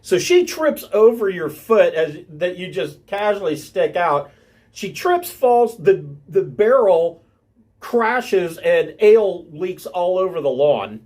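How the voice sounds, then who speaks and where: A man narrating as game master of a tabletop game, unhurried and often clearing his throat. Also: high voice, expressive, a little mellow.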